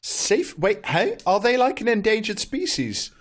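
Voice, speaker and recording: A man's voice: sits high, wildly swooping pitch, unhurried. A man on a podcast, making absurd jokes in casual chat. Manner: jokey, absurd riffs. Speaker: podcast co-host.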